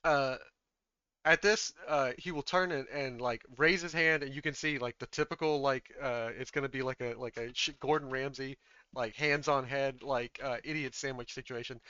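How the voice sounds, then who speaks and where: Man narrating a tabletop game, halting, bright and crisp, dull lo-fi sound. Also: medium pitch, fairly even intonation, no echo. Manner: halting, many fillers and restarts. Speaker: game master.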